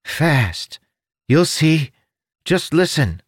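A man's voice: on the high side, very animated, very slow, husky, no room sound, clean studio sound, voice pushed up, heavily acted. A man voicing a small, childlike winged male creature with a trunk, chirpy and carefree, in an audiobook. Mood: cheerful.

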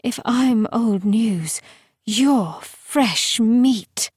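A woman voicing an ancient undead female lictor in an audiobook, speaking slowly and quietly in a breathy half-whisper with a taunting, menacing manner. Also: fairly high pitch, dry recording, clean studio sound, exaggerated voice. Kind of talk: audiobook character voice.

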